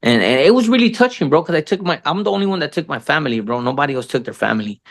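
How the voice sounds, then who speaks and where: A man's voice: a little high, very animated, rapid-fire. A middle-aged man talking as an interview guest, loose and profane, dropping "bro" constantly and restarting his sentences. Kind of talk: casual podcast interview.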